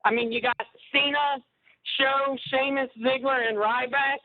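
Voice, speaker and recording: Joking male caller, high voice, rambling chat over a tinny phone line. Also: steady tone, measured pace, dry recording. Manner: joking, rambling, prone to pranks. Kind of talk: casual chat.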